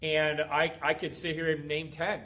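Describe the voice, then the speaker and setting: A man's voice: on the high side, monotone, normal speed, pushed and bright. A middle-aged man hosting a motivational livestream as a fitness coach, talking in an emphatic, repetitive, preachy way. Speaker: fitness coach and group host.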